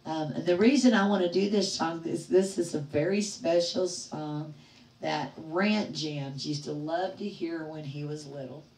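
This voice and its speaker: A woman's voice: deep voice, unhurried. Roomy, distant middle-aged woman storyteller. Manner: animated storyteller acting out quoted voices, laughing often. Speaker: livestream host. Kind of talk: casual storytelling to live chat.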